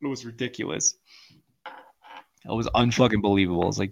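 A man's voice: fairly low pitch, normal speed, gravelly, no echo, muffled recording. A married man co-hosting a podcast, chatting casually with heavy swearing and frequent laughter. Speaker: podcast co-host. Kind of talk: casual profane chat.

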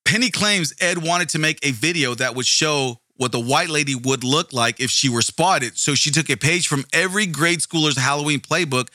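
Bright-voiced indignant man ranting, dry sound. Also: fairly high pitch, normal speed, few pauses, no room sound. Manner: indignant, profane, sarcastic, mocking voices. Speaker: commentary video host. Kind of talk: profane casual commentary.

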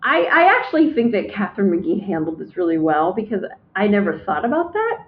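A woman's voice: medium pitch, big pitch swings, brisk, few pauses, slight background noise. A woman casually recapping a book, acting out the characters' quoted lines as she goes. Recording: tinny phone-like audio.

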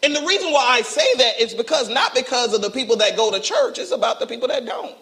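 A male pastor preaching a sermon with animated call-and-response, acting out quotes, recorded in a church. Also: very high-pitched, fast talker. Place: church sanctuary.

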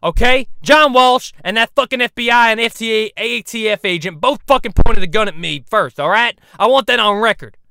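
Man voicing hot-headed bounty hunter parody, gruff swearing rants, dry close sound. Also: a little high, normal speed, bright, forceful tone, dry recording. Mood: defensive. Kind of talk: parody voice acting.

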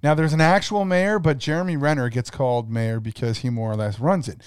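A man's voice: mid-range voice, steady tone, a little fast, smooth, no echo, studio quality. A Canadian man co-hosting a podcast, explaining things steadily and using filler words. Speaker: podcast co-host. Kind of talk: casual chat.

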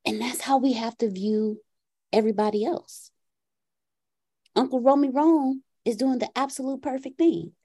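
High, mellow-voiced woman telling a story. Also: moderate pace. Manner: animated, acts out her son's and her own lines. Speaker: podcast participant sharing a story. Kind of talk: casual storytelling in a group call.

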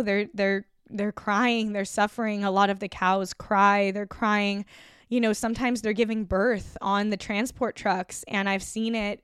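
A woman's voice: medium pitch, clear, resonant tone, dry recording, studio quality. A young woman hosting a podcast, talking in a rambling, earnest way with many fillers and restarts. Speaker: podcast host. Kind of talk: casual spoken reflection.

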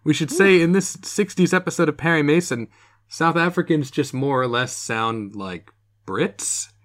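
A man's voice: on the high side, moderate pace. Guy cohosting a podcast, joking through a tv recap, laughing along. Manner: jokey, laughs often, slips into impressions. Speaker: podcast co-host. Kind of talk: casual chat, episode recap.

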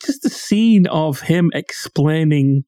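A man's voice: fairly high pitch, lively intonation, slow, warm tone, dry recording. A man co-hosting a podcast in casual chat, explaining things in detail and picky about what words mean. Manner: explanatory, pedantic about word meanings. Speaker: podcast co-host.

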